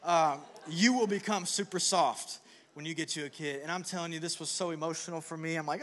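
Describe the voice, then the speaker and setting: A man's voice: fairly high pitch, fairly quick, a bit bright. A young man preaching a conversational sermon, telling a story with self-deprecating humor before turning earnest and reassuring. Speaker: pastor.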